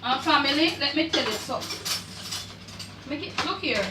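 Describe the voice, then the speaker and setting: A woman's voice: sits high, moderate pace, reverberant, very noisy. An older woman with a Jamaican accent hosting a home cooking demonstration, chatty and full of patois asides as she directs the camera. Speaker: cooking channel host. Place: home kitchen.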